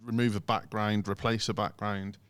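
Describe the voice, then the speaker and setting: A man co-hosting a casual podcast, animated and lively, breaking into mocking imitations of automated phone messages. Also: lowish voice, moderate pace, smooth, no echo. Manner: animated, mimics phone recordings in sing-song voices. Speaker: podcast co-host.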